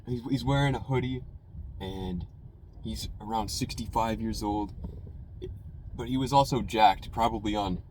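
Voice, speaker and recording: A man's voice: fairly low pitch, measured pace, a little mellow, a little hiss or hum, rough recording. A young man, a college student, telling a rambling story in a casual, conversational way while sitting in his car. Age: young adult. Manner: rambling, conversational, full of "you know" and "man". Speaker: food reviewer telling a story.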